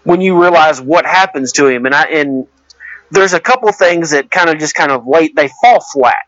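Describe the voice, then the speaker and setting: A man's voice: on the high side, expressive, normal speed, a bit bright, no echo. A man casually talking about a movie, rambling and hesitant, with many restarts and fillers. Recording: dull lo-fi dry recording.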